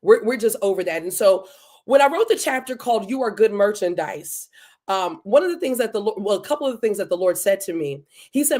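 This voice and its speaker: A woman hosting a live-streamed podcast, effusively greeting her chat viewers by name in a casual, animated way. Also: mid-range voice, a little fast. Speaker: podcast host. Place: home, Delaware.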